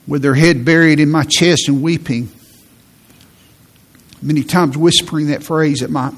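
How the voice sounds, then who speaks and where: A middle-aged man preaching a sermon as pastor, earnest, often repeating phrases and slowing down for emphasis. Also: a little high.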